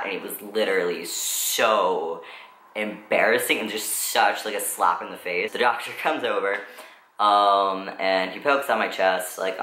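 A man's voice: deep voice, pushed and bright, a little hiss or hum. A teenage young man telling a story in a casual vlog, rambling, swearing often and filling with likes. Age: teens. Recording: roomy echo.

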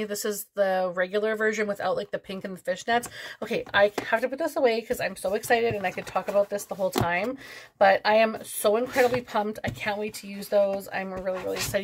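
A bubbly woman vlogger gushes through a beauty haul, her voice sitting a touch high. She chats casually and rambles with plenty of fillers, straight into a camera mic. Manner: bubbly, gushing, chatty with many fillers. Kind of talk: casual chat unboxing a haul.

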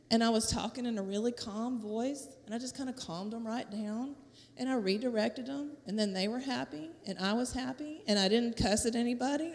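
A middle-aged woman with a Southern US accent tells a lively testimony in a church, laughing often and acting out the voices of others. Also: high voice. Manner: lively storytelling, laughing often, acts out quotes. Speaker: teacher sharing a testimony at church. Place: church sanctuary. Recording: echoey church hall.

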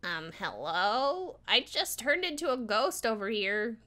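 Giggly, lively woman streamer. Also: fairly high pitch, unhurried. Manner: sarcastic, giggly, reacts loudly. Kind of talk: reading a dating game aloud on a stream.

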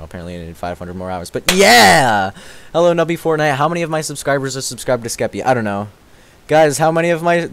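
A young man chatting on a live stream and reading out his chat, giggly and excitable, dropping to low mumbles and jumping up to high squeals. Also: a little hiss or hum.

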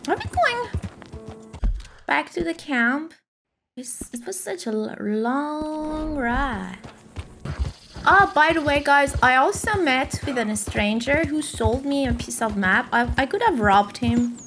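A woman from Iran streams a game in a high, lively voice. She talks slowly, then bursts out with curses and exclamations. Soft music hums behind her. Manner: excitable, swears and exclaims often. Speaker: let's play streamer. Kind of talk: casual gameplay commentary.

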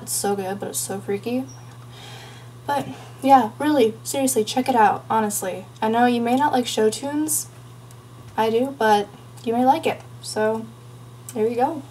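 A teenage girl talks through a casual home vlog in a rambling, chatty way, full of playful asides. Her voice sits a little on the high side, and a faint hum runs underneath. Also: warm tone. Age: teens. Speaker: vlogger.

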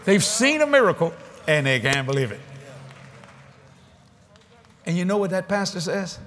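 A male evangelist tells stories from the pulpit in a lively, folksy way, stumbling and restarting as he goes. His voice sits a little higher than most men's. He is on a convention stage and speaks into a microphone for the congregation. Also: normal speed, pauses often. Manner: folksy, animated storytelling with repeated restarts. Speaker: evangelist preacher. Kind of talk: storytelling sermon.

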